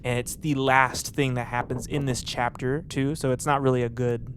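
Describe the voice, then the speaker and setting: A man's voice: mid-range voice, flat delivery, normal speed. A young man casually commentating a puzzle game, thinking aloud with lots of fillers and restarts. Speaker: gameplay commentator. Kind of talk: casual let's play commentary. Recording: background noise under the voice.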